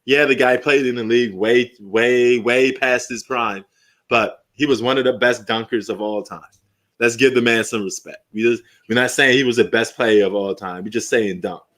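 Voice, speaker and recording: A middle-aged man hosting a live sports stream, talking loosely and with lots of profanity as he reminisces and jokes about old highlights. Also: steady tone, normal speed, a bit bright. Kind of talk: casual live commentary.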